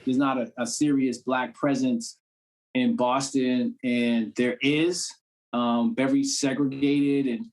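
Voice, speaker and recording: A man's voice: medium pitch, flat delivery, slow pace, darkish tone. A man from the Cambridge area, a guest actor in a casual conversation, talking loosely with many "you know what I'm saying" fillers. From Cambridge, Massachusetts.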